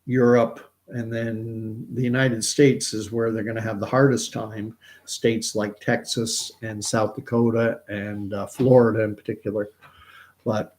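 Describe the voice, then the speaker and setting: A man's voice: lowish voice, flat delivery, measured pace, darkish tone. A man hosting a livestream, talking in a rambling, conversational way and answering viewers. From Canada. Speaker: host of a commentary livestream. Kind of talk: casual livestream commentary.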